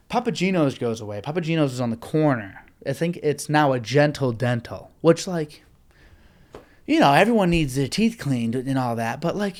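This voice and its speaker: Young man, solo podcast host; rambling, profane, animated rant at a middle pitch. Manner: rambling, swears often, animated complaining.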